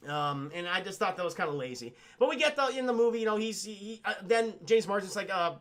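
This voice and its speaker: High-voiced, rambling man on a livestream. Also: animated, fast talker, fairly bright tone. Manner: rambling, swears casually, addresses chat, many fillers. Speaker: film reviewer streaming to chat. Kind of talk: casual livestream commentary.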